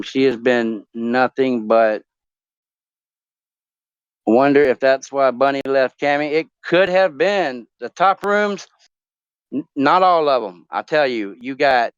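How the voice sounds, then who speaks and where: A man's voice: medium pitch, smooth, no room sound, lo-fi sound. A man talking casually on a live stream, rambling and swearing, with many ums and restarts as he talks openly about his family. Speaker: talk show guest.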